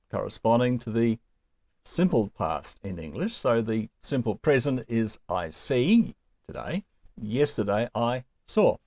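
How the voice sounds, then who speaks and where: Male teacher, earnest and emphatic, mid-pitched, dry close recording. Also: a little mellow, no echo. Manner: earnest, emphatic, with asides to the learner. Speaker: Greek teacher. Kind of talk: recorded video lesson.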